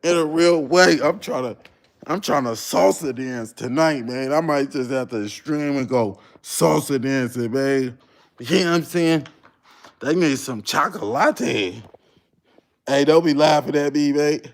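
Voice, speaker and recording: A young man with hosts a casual livestream, his voice sitting a little high for a man. He chats loosely in slang and keeps breaking off to greet viewers by name. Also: unhurried. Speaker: livestream host.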